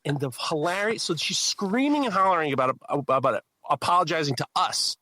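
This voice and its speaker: A man co-hosting a knife-making show, telling a story with lively energy and acting out the people in it. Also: on the high side, a little fast, few pauses, dry recording. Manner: excitable, acts out quoted voices. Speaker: podcast co-host. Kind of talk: animated storytelling.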